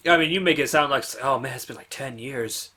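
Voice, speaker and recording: A man's voice: medium pitch, fairly quick, pushed and bright, a little hiss or hum. A man playing a video game and chatting casually with a friend, arguing points, joking and reading the game's text aloud. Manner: argumentative, joking, reads on-screen text aloud. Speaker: player and co-host. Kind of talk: casual let's-play banter.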